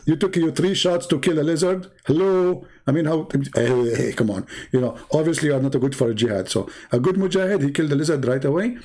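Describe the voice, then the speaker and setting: Hosting a live stream in heavy, broken non-native English, a man rambles mockingly and sarcastically, complaining that he's losing his voice. He speaks quickly and with few pauses, his voice on the high side and a little mellow.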